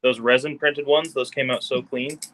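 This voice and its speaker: A man's voice: medium pitch, steady tone, normal speed, crowd noise, low-quality recording. A man in casual chat with friends, easygoing and making short friendly remarks.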